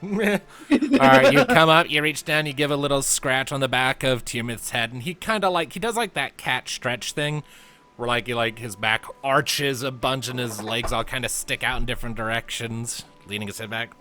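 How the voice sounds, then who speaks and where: A man narrating a tabletop game as game master, in a relaxed, descriptive way. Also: mid-range voice, moderate pace, slight background noise. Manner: relaxed, descriptive, laughs easily.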